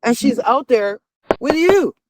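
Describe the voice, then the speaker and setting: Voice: high voice, lively intonation, background noise. A speaker in their forties giving heated reaction commentary, blunt and profane, scolding and firing off rhetorical questions. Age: 40s. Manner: rapid-fire rhetorical questions. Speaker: commentator reacting to a reality show.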